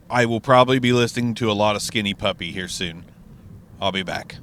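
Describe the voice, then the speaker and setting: A man's voice: lowish voice, fairly bright tone. A man talking casually and rambling about albums, swearing freely while driving. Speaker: music reaction vlogger. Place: inside a car.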